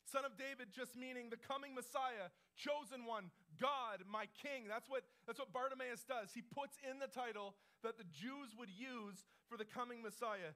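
A man's voice: very high voice, moderate pace, hardly any pauses, sharp tone. A male pastor preaching a sermon, telling the story in a conversational, emphatic way with repeated phrases. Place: church service.

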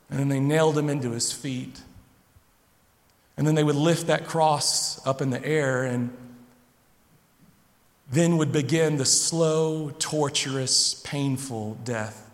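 A man preaching a sermon, telling the story dramatically, sinking low and slow, then building loud. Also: creaky. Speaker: pastor. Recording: long hall reverb.

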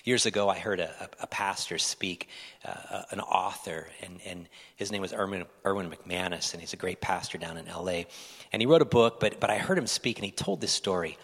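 A man's voice: sits low, brisk, a bit bright, husky. A man preaching a sermon as pastor, earnest and pleading with his congregation. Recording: long reverb of a large hall.

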